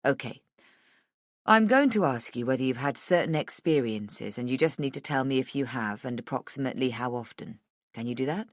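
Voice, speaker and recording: Woman playing a male doctor, middle-aged, gentle, soft, slow, reassuring, lowered voice, audiobook. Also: lively intonation, no echo, clean studio sound. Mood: gentle, clinical. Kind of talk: audiobook dialogue.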